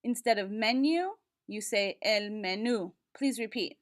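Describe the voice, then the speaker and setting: A woman teaching a vocabulary lesson, pronouncing each word slowly and carefully and pausing for the listener to repeat. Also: medium pitch, fairly even intonation. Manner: slow, careful enunciation with repeat-after-me pauses. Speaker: Spanish teacher.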